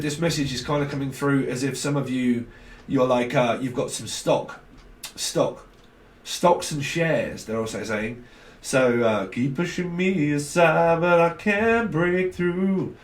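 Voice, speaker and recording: Chatty, echoey man reading tarot. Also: medium pitch. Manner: rambling, swearing, loose and chatty. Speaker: tarot reader. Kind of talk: casual rambling tarot reading.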